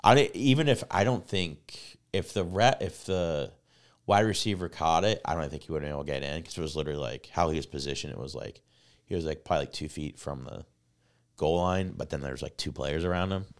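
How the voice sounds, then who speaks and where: A man co-hosting a casual podcast, telling a rambling, excitable story full of swearing and filler words. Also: a bass voice, fairly quick. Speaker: podcast co-host. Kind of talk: casual chat.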